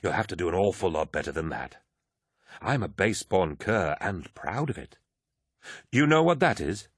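A man's voice: sits low, very animated, normal speed, husky, no echo, clean studio sound, heavily acted. A man voicing an insolent, mocking warrior captain who barks orders.

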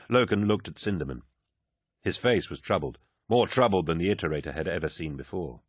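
A man narrating an audiobook in a measured, unhurried reading. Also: low voice, lively intonation, slightly rough, no room sound, studio quality.

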